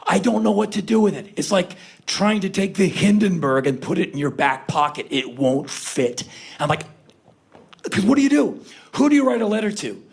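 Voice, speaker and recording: A man in his fifties doing a comic spoken word monologue on stage, animated and given to sudden loud outbursts. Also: high-pitched, normal speed, vocal fry. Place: stage before an audience.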